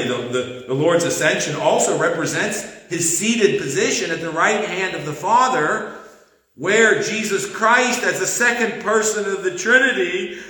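Pastor, male, slow deliberate sermon delivery, bright tone, roomy church echo. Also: sits high. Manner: earnest, emphatic preaching with slow stresses.

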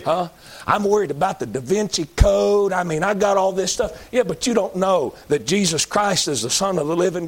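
A middle-aged Baptist preacher, preaching a folksy sermon that climbs into shouted emphasis. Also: male voice, sits high, lively intonation, moderate pace.

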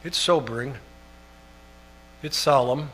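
A pastor preaching a sermon in an earnest way, building up to emphatic, almost shouted passages. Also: male voice, medium pitch, slow, slight background noise.

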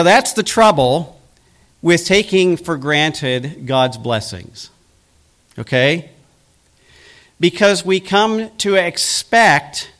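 A man preaching a sermon as pastor in a church, earnest and slowing down to stress key words. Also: fairly high pitch, fairly bright tone.

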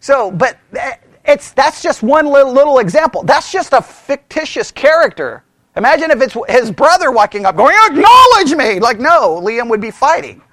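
A man leading a Bible study, animated, laughing often and asking the group rhetorical questions. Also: extremely high pitch, moderate pace, no echo.

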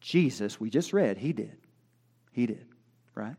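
This pastor is animated but a little slow, with a breathy edge to his voice. Working from notes, he shifts between loud statements and soft, low asides in a folksy, talky sermon.

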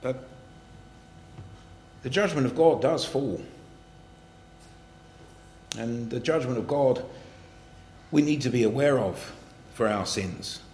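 A man's voice: mid-range voice, takes it slowly, long pauses, darkish tone, reverberant, slight background noise. A man preaching a sermon to his congregation, earnest and building to emphatic passages as he reads and explains scripture. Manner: earnest, rising to emphatic, reads scripture in King James wording.

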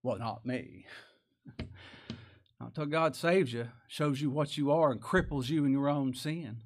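A man's voice: medium pitch, takes it slowly. A man preaching a sermon in a folksy, conversational way, asking rhetorical questions and chuckling as he goes. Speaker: pastor.

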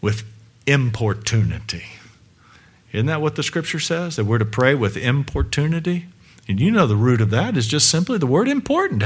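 A male preacher delivering a sermon to a congregation in a church room, emphatic, with many rhetorical questions, swinging between loud and hushed. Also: fairly high pitch, breathy edge.

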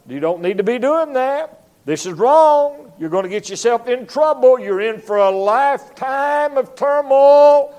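A man preaching a revival sermon as an evangelist in a church, emphatic and animated, acting out voices as he goes. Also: very high-pitched, measured pace. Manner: emphatic preaching, acts out voices and barking dog.

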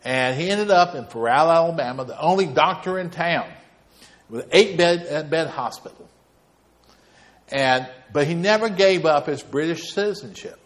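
A man's voice: fairly high pitch, animated, normal speed. Male pastor, easygoing folksy sermon delivery with chatty asides to the congregation. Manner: folksy, rambling storyteller with asides.

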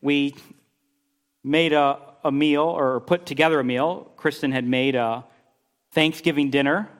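Animated, higher-voiced preaching man. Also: measured pace. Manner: animated storytelling, rising pitch when exasperated. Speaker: pastor. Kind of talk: sermon.

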